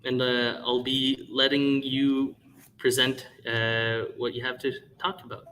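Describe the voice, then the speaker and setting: A man hosting a live conference panel, introducing a speaker with many pauses and stumbles over names. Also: mid-range voice, flat delivery, sharp tone, slight background noise, low-quality recording. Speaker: panel moderator. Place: conference hall.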